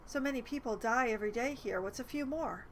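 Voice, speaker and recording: A woman's voice: on the high side, a little fast, a little hiss or hum, natural voice, rough recording. A woman reading aloud the game dialogue of a frightened man who babbles anxiously about vampires hunting him.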